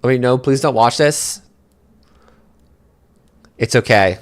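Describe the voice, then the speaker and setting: A man from New England chats loosely through a game as co-commentator, stumbling over and repeating his words. His voice sits at an ordinary middle pitch, and he climbs into excited yelps when a play goes wrong. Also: slow pace. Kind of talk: casual gaming commentary.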